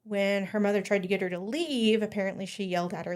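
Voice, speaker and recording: A woman's voice: medium pitch, steady tone, fast. A woman hosting a podcast, casually telling a story with lots of ums and small laughs. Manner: chatty, giggly, many ums. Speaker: podcast host.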